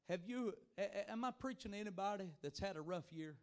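A man preaching a revival sermon as an evangelist, shifting between fervent shouting and soft, low-voiced passages, with repeated calls to the congregation. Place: church youth rally before a congregation.

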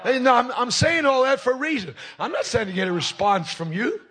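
A male revival preacher shouting at a crusade meeting, with a very high, bright, forceful voice. He talks in punchy bursts and teases the congregation. A faint crowd and low noise sit underneath him. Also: very animated, a little fast. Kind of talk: fiery revival sermon.

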